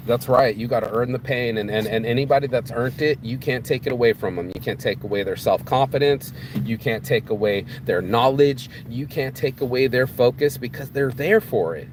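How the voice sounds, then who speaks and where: A man delivers a blunt, profane pep talk outdoors, preaching and repeating his points for emphasis. His voice sits at a mid pitch. Faint traffic hums behind him. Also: moderate pace, hardly any pauses. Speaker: motivational vlogger. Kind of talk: casual motivational monologue.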